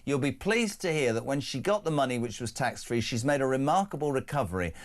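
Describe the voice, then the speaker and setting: A man's voice: mid-range voice, expressive, brisk. A man with an English accent hosting a breakfast talk show, blunt and indignant, with joking asides. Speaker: radio and TV breakfast show host. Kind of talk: opinionated talk radio chat.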